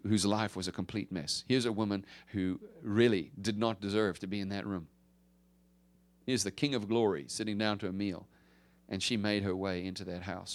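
A male pastor preaching a conversational sermon, swinging from emphatic rises to hushed drops. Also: on the low side.

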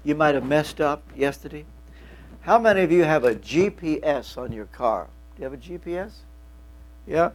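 Old guy in his 70s giving a sermon, bit of a cough, folksy jokes, slightly high voice, hum in the background. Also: lively intonation, normal speed. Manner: folksy, joking asides to the congregation. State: lingering cough. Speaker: pastor.

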